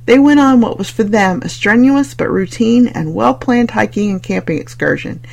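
An audiobook narrator reads fiction with a wry, conversational lilt. The voice has a steady gravelly fry at an even middle pitch. It moves between scene-setting and the characters' thoughts with ease. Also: normal speed. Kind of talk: scripted narration.

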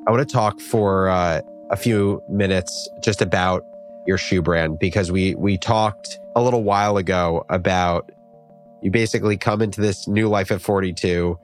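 A man hosting an interview, asking questions in a calm, conversational way. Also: low-pitched, moderate pace, soft background music. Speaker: interviewer, host.

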